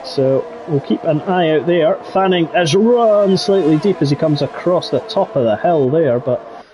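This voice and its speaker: A man giving jokey, excitable live commentary on an online racing league. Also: a little high, a little slow, dull audio, background noise. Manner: jokey, excitable, laughs between calls. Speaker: race commentator.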